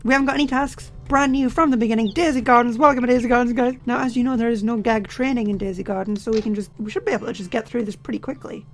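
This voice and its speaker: A young man with a sore, tired voice, chatting jokily as he plays a game and sometimes shouting. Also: extremely high pitch, steady tone, very fast, few pauses, a little hiss or hum. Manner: chatty, jokey, bursts into shouting. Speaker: let's play host. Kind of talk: casual gameplay commentary.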